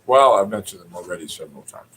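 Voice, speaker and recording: A man's voice: low-pitched, lively intonation, fast, slightly rough, poor audio. A middle-aged Canadian man ranting in a rambling spoken monologue, cursing freely and mimicking other people in raised voices. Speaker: poet.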